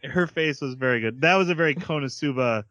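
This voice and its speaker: A man co-hosting a casual podcast, recapping an anime episode with lively retellings and acted-out character lines. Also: mid-range voice, brisk, dry recording, muffled recording. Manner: animated retelling, acting out characters' lines, laughs often. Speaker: podcast co-host reviewing anime.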